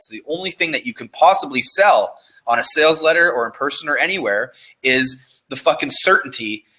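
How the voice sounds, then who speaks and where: Bright-toned profane man talking shop. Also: medium pitch, poor audio. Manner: profane, restless, repeats and restarts words. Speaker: copywriter being interviewed. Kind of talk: casual conversation.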